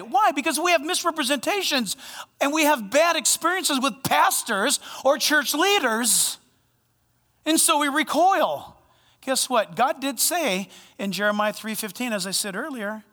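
A male pastor preaching a sermon, animated and playful, swinging between loud bursts and hushed asides. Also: extremely high pitch, long reverb tail. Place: church sanctuary.

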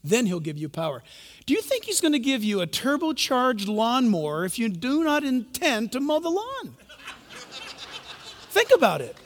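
A man preaching a sermon, telling a story and then breaking into loud, rising outbursts. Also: very high voice, wildly swooping pitch, normal speed, pauses often. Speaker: pastor. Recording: long hall reverb.

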